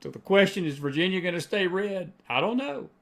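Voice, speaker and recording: A man's voice: high voice, animated, a little fast, creaky. A middle-aged man hosting a live faith and politics show, preaching in a folksy way, repeating lines for emphasis and answering chat comments.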